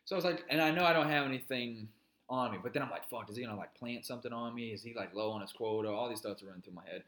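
A man's voice: mid-range voice, racing, fairly bright tone, echoey room. A man co-hosting a podcast, telling a long story in casual chat, cursing and rambling. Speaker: podcast co-host.

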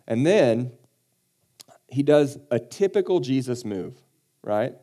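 A man's voice: medium pitch, big pitch swings, slow pace, warm tone. A man pastor giving a casual, conversational sermon with joking asides, acting out the people he quotes.

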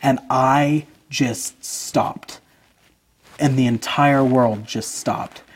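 A man's voice: medium pitch, steady tone, very slow. A man in his twenties, a podcast guest, earnestly telling a personal story.

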